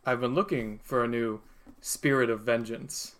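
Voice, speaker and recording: A man voicing Satan, a huge horned ruler of hell, in his own voice with slow, solemn delivery. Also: medium pitch, fairly even intonation, natural voice.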